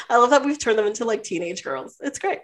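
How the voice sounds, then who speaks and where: A fairly high-voiced woman chatting casually about movies. She is bubbly and giggly and leans on "like" and "um" as she talks. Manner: bubbly, giggly, lots of "like" fillers. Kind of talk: casual chat about films.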